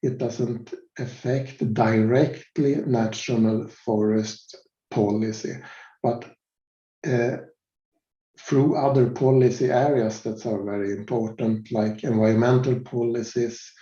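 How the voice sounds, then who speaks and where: Slow-speaking man with a mellow voice. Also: mid-range voice, reverberant, dull audio. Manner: slow and measured, occasional slips. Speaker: forestry policy presenter. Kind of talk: conference presentation.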